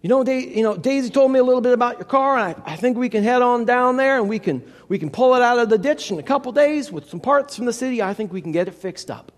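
A plainspoken country mechanic of about seventy, played by a male storyteller, matter-of-fact and blunt. The voice sits high, and a long reverb hangs around it as in a large hall. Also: animated, quick pace, hardly any pauses. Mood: businesslike. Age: 70s.

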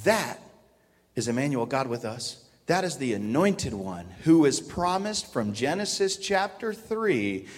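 A man preaching a sermon to his congregation, at times breaking into a loud shouted drill cadence. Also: medium pitch, big pitch swings, a little slow, big-room sound. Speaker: pastor. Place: church sanctuary.

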